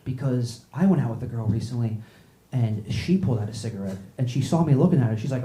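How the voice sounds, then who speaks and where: This stand-up comedian talks at a quick pace in a mellow, mid-range voice. Playing a small club with an audience, he's brash and profane and riffs with the crowd. The room echoes and the live noise carries.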